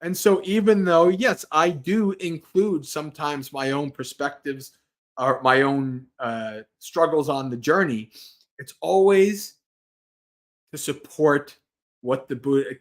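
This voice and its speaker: A fairly high-pitched man, a Buddhist monk, hosts a livestream and gives a casual Dharma talk. He's earnest and rambling, often restarting his sentences and laughing lightly.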